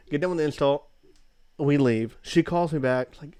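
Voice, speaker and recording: A man's voice: mid-range voice, fairly quick, a little mellow, clear, resonant tone, no room sound. A young man co-hosting a podcast, telling a work story in a casual, slangy way and acting out quotes. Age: young adult. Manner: casual, says dude a lot, acts out quotes. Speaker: podcast co-host.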